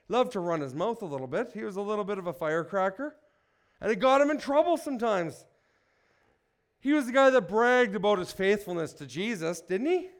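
A man preaching a sermon into a microphone in a church hall, energetic and joking, throwing questions at the congregation. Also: high voice.

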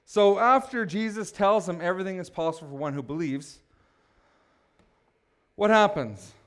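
A man preaching a sermon, building to passionate shouts and breaking off for joking asides. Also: high voice, moderate pace, smooth. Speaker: pastor.

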